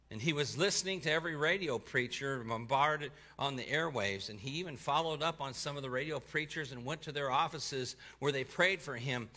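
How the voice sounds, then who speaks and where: A man preaching, telling a testimony in the first person and voicing the people in it, going quiet for the sad parts. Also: mid-range voice. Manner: voices the people in the story, dropping soft for sad parts and lifting for excited ones. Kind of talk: sermon storytelling, reading a testimony aloud.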